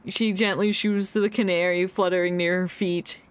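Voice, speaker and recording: A woman's voice: fairly low pitch, little pitch movement, normal speed, clean tone. A young woman streaming a game, reading narration aloud and chatting casually with lots of laughs.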